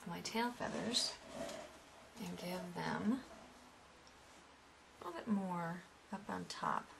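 A woman's voice: fairly low pitch, takes it slowly, vocal fry, noisy background. A woman giving a step-by-step painting lesson in a chatty way, with asides to her students. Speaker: painting instructor. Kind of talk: painting tutorial.

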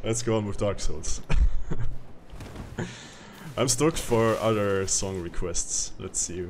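A man's voice: fairly low pitch, slow pace, a little hiss or hum. Giggly man streaming a game. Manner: chatty, giggly, reacts loudly to the game. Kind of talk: live-stream gameplay commentary.

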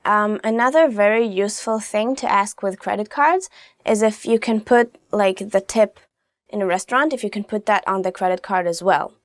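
A woman teaching phrases in a casual video lesson, chatty and quick to laugh, dropping into soft asides now and then. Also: mid-range voice, no room sound. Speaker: language teacher.

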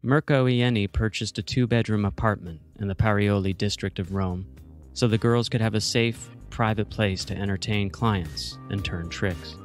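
A man hosting a true crime podcast, reading scripted narration in a measured, matter-of-fact way. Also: fairly low pitch, soft background music. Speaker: podcast host.

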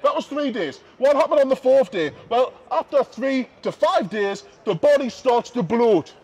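High-voiced impassioned street preacher. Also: male voice, animated, moderate pace, darkish tone. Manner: impassioned, repetitive preaching with rising emphasis. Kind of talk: open-air street sermon. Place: outdoors on a city street. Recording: dull lo-fi outdoor recording with faint noise.

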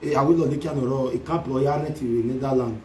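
A man ranting and taunting loudly, switching between Pidgin, Yoruba and Igbo in a social media commentary. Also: mid-range voice, steady tone, normal speed, reverberant, far from the mic, a little hiss or hum, poor audio.

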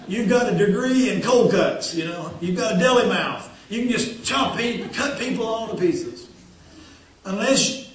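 A man's voice: high voice, slight background noise. Pastor, man, folksy repetitive preacher; heard from afar in a very echoey sanctuary. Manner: folksy, repeats phrases for emphasis. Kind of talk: sermon. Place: church sanctuary. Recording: very echoey church hall, distant.

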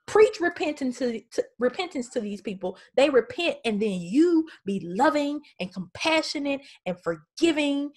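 A woman playing a sulking male prophet who has had enough, his voice pitched up and strained with whiny indignation. He complains in a raised, exasperated tone, as a Bible teacher acts him out in a study video. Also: very animated, moderate pace, few pauses, a little mellow.

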